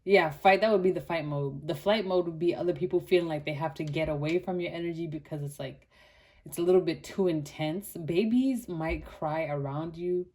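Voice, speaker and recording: Young woman from Botswana, low mellow tone, animated casual tarot reader. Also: moderate pace. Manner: chatty and animated, many "like" fillers, laughs often. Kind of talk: casual pick-a-card tarot reading.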